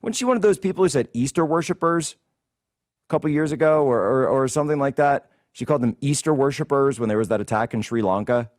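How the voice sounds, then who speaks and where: A man's voice: medium pitch, animated, fast, a little mellow, no room sound, clean studio sound. A man hosting a political commentary show, ranting in a combative, indignant way. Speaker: host.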